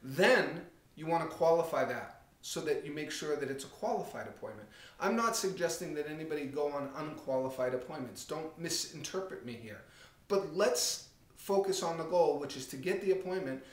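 A man giving a direct, conversational real estate coaching talk, acting out anecdotes with lively energy. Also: a little high, moderate pace, echoey room.

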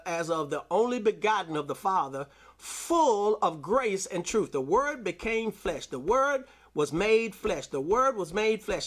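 Male preacher, high voice, AAVE, sermon delivery with call-outs. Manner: preaching with call-outs and scripture reading, rising to shouts. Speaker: pastor.

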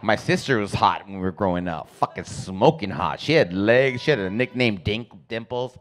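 A man's voice: on the low side, animated, normal speed, slight background noise. A man doing stand-up comedy, telling profane family stories and acting out his relatives. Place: comedy club stage.

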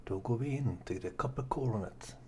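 A man's voice: medium pitch, fairly quick, noisy background. Swedish man casually commenting on gameplay. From Sweden. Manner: mutters and mixes two languages. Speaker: let's play gamer.

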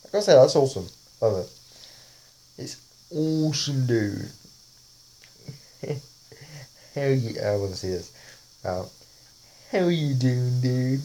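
A man's voice: medium pitch, lively intonation, slow, pauses often, mellow. A man casually talking over a face-swap app, rambling and often laughing. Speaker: vlogger.

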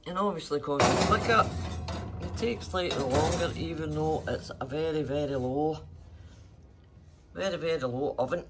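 A man's voice: fairly high pitch, normal speed, long pauses, noisy background. A man chatting casually in his home kitchen as a cooking vlogger, theatrical and full of cheery exclamations.

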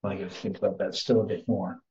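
A man leading an informal Bible study, thinking aloud with many pauses and fillers as he works through word meanings. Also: deep voice, flat delivery, a little mellow. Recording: roomy, slightly dull recording.

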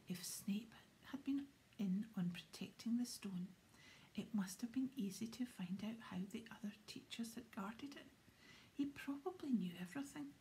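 A woman reading a children's novel aloud in a soft, steady whisper. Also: medium pitch, gravelly, slight background noise. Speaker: audiobook narrator.

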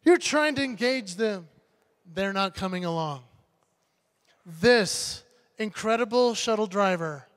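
A motivational speaker, a man, telling an animated story on stage and acting out the voices. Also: high voice. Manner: animated, acts out voices, builds to punchlines. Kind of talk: keynote storytelling speech. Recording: long hall reverb.

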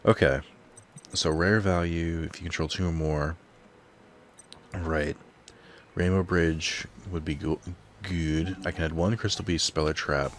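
A man's voice: low-pitched, fairly even intonation, measured pace, a little hiss or hum. A man thinking aloud while he plays a card game at home, rambling and reading out card text in casual commentary. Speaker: let's play host. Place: home apartment.

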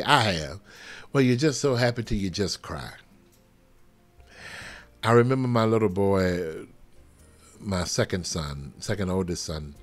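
A man leading a live prophetic prayer over a livestream, fervent and swinging from soft murmurs to loud exclamations. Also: lowish voice. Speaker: pastor. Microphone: livestream webcam.

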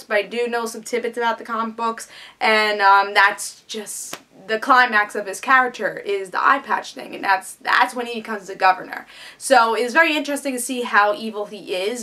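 Bright-voiced woman eagerly reviewing a TV episode. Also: on the high side. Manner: eager, chatty recap with many fillers. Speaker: TV show reviewer.

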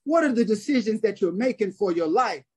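A man's voice: high-pitched, animated, a little fast, slightly rough. A man preaching a sermon on a prayer call, telling a story and repeating phrases for emphasis.

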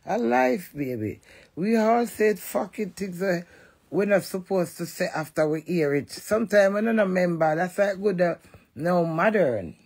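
A woman's voice: fairly low pitch, lively intonation, measured pace, vocal fry, breathy edge. A woman with a Jamaican accent, ranting and cussing defiantly in a monologue to camera. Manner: loud, cussing, defiant rant. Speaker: vlogger.

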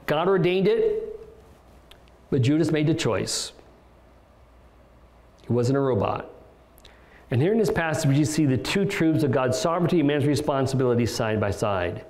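A man's voice: mid-range voice, expressive, normal speed, pauses often, a little mellow, reverberant. A male pastor preaching an expository sermon in a conversational way, with restarts and rhetorical questions. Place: church sanctuary.

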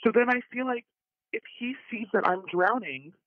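A woman's voice: on the high side, animated, normal speed, no echo. A woman calling in to a talk show, talking earnestly about wanting her husband's help. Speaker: caller. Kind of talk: phoned-in talk show call. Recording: tinny phone line.

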